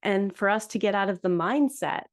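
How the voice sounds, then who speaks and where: A woman's voice: medium pitch, normal speed. A woman in her fifties, a dog groomer hosting a podcast, talking frankly and chattily in casual solo talk. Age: 50s. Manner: frank, chatty, with fillers and laughs.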